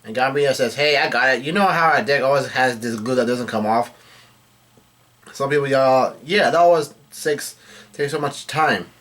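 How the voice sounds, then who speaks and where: A man recaps a manga chapter in a casual read-through, passing along the characters' lines in a plain voice. He halts and corrects himself often, and his voice is mid-range and a bit bright.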